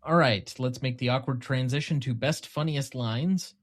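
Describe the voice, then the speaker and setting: A man's voice: medium pitch, normal speed. A man hosting a podcast in casual chat, steering the talk from one segment to the next. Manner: steers the show between segments. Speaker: podcast host.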